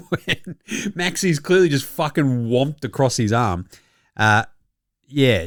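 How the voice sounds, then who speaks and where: A man's voice: medium pitch, a bit bright, dry recording, studio quality. A young adult man with an Australian accent hosting a casual basketball commentary show, mocking and swearing freely with frequent chuckles. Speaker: basketball podcast host.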